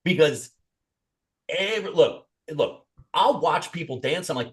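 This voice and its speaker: Man, podcast co-host, casual banter, cursing, lively swinging pitch, slightly high voice. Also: a little slow. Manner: animated, heavy swearing, slips into mock voices.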